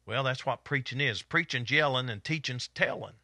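A middle-aged man with an Eastern Kentucky Appalachian accent, preaching a fervent Bible study and hollering with excitement as he teaches. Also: medium pitch, normal speed, dry recording. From East Kentucky.

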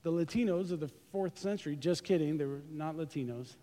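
A man preaching a lively, joking sermon, speaking straight to his congregation during a live church service. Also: on the high side, fairly quick. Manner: joking, animated, talks to the congregation directly. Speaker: pastor. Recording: live church recording with long hall reverb.

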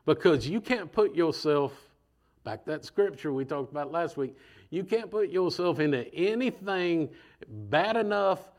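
A man preaching a sermon in a conversational, animated way, acting out voices as he goes. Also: a little high, measured pace.

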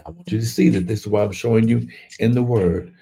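A man preaches over a livestream, fervent and repetitive, pushing his lines up into loud exclamations. His voice sits low and mellow, with a husky edge. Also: quick pace. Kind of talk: livestreamed sermon.

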